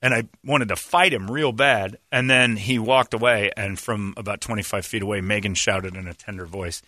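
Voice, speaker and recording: A man's voice: on the low side, moderate pace, dry recording. A man from Indiana hosting a talk show, telling stories in casual banter, laughing often and acting out the people in them. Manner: animated, laughs often, acts out the voices in his stories.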